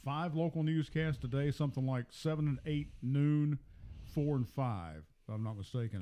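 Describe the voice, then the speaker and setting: A man's voice: mid-range voice, normal speed, mellow. A man in his sixties hosting a local sports talk show, talking in a folksy, rambling way full of fillers. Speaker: host. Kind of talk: casual chat on a local radio sports show.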